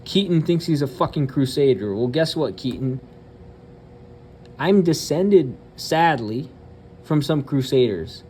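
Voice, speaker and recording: A man's voice: on the high side, lively intonation, a little slow, dark tone, a little hiss or hum. A man hosting his channel, ranting bluntly and cursing often, with hesitant fillers between remarks. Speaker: channel host. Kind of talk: profane ranting commentary.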